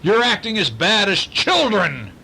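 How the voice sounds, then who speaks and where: A man's voice: mid-range voice, unhurried, vocal fry, slight background noise, pitched above the performer's own voice, exaggerated voice, rough recording. A man voicing a stern male swamp monster uncle who scolds the young monsters, read aloud from a picture storybook. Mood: scolding. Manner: scolding, shouting at the children.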